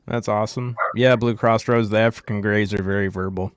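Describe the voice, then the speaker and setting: Laid back guy hosting, lowish voice, greets chat folks, dry mic. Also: a little fast, smooth, no echo. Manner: relaxed, greets chat viewers by name. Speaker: host. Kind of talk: live show chat.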